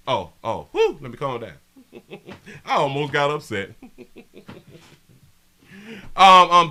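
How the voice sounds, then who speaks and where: A man's voice: fairly high pitch, huge pitch swings, takes it slowly, long pauses. Brash man hosting a live stream. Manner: brash, profane, swings from mumbling to yelling. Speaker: live show host. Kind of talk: casual live-stream chat reading comments.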